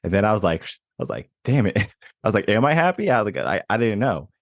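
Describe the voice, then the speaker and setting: A young man hosts a coaching podcast in a reflective, storytelling way. His voice sits very low, and the sound is dry and close with no room around it. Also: animated, fast, no echo. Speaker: podcast host. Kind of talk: casual interview chat.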